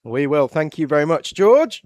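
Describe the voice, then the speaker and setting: A man with an English accent doing live motorsport commentary, chatty and quick to react loudly when something happens on track. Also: a little high, big pitch swings, no room sound. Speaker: race commentator.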